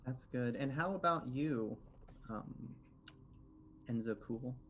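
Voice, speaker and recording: A man acting as game master for a tabletop game, chatty and relaxed with many fillers. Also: mid-range voice, takes it slowly, a little hiss or hum. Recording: slightly dull lo-fi audio.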